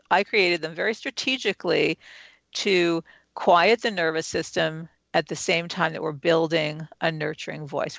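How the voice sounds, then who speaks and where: A woman, an author and interview guest, calmly explaining self-help steps and guiding the listener through them one by one. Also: on the low side, vocal fry, no echo. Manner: calm, instructive, walks the listener through steps. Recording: dull, lo-fi and dry.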